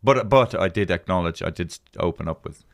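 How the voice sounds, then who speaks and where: Dublin host, lower voice, meandering banter, sweary and self-mocking. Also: male voice, a little fast, gravelly. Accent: Dublin Irish. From Dublin, Ireland. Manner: rambling, self-mocking, swears, many restarts. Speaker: podcast host. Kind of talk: casual chat.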